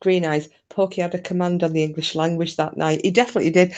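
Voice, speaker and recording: This live stream host is a woman from Scotland whose lowish, darkish voice keeps a level tone at a fast clip. She chats casually with viewers in a jokey, meandering style, often restarting and dropping in fillers.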